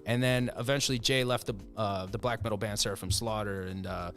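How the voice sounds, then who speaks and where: A man's voice: on the low side, steady tone, fairly quick, vocal fry, a bit bright, soft background music. A man with a North Jersey accent, a podcast guest chatting casually and rambling with lots of "you know". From northern New Jersey. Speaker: podcast guest, band member. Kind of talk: casual chat.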